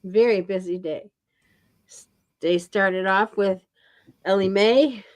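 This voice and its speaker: Woman co-host, slow and chatty, lays out her day step by step. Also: medium pitch. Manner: chatty, recounts errands step by step. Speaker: co-host of a live chat show. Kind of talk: casual chat.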